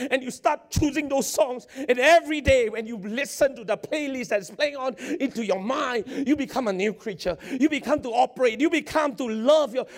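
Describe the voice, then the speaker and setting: Male pastor, high voice, excitable sermon, stammering repeats. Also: a little fast, hardly any pauses. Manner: excitable, stammering repetitions, frequent laughter.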